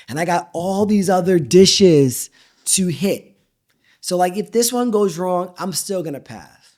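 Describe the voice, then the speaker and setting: Speaking unhurriedly in a high voice, a middle-aged chef and restaurant owner guests in a casual interview. He tells stories with plenty of animation, acting out what people said and swearing freely.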